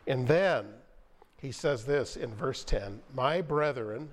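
A male pastor delivering a sermon, reading scripture aloud and stressing key phrases with slow, deliberate pauses. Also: medium pitch, lively intonation.

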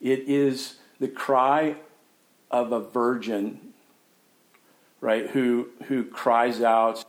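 An older man preaching in an unhurried, measured way. His voice sits at an ordinary pitch, and he sounds earnest and reflective as he speaks. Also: steady tone, poor audio. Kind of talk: sermon.

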